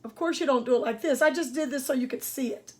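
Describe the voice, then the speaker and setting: Older woman, high voice, speech therapist, grammar lesson, emphatic teacher talk. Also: fast, darkish tone. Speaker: speech-language pathologist. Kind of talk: grammar lesson for parents and students.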